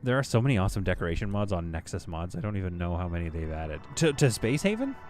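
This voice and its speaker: A man with a lowish voice talks through a live game stream in a loose, chatty way. He laughs often and reads out viewer comments as he plays. Faint music runs under his voice. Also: sing-song, fast, a little mellow.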